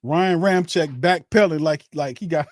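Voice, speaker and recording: A man's voice: normal speed, a little mellow, no room sound, studio quality. A man hosting a casual watch-party, giving loose play-by-play commentary, exasperated and often laughing in disbelief. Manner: exasperated, laughing, rising to high-pitched disbelief. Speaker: host giving live game commentary.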